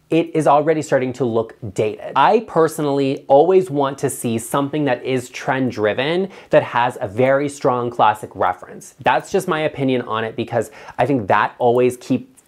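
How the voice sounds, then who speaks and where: A man vlogging about home design, speaking bluntly and emphatically straight to the viewer. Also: mid-range voice. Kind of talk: opinionated talk to camera.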